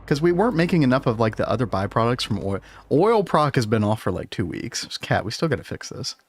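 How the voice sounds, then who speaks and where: A man's voice: mid-range voice, very animated, fairly quick, breathy edge. Chatty man streaming a game. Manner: chatty, laughs often, talks to chat. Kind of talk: casual gaming livestream chat.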